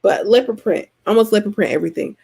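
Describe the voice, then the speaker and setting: Southern woman vlogger, mid-pitched with some vocal fry, animated and colloquial, chatting casually to camera. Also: fast. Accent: Southern American. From Georgia, US. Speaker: vlogger host answering subscriber comments. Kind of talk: casual chat.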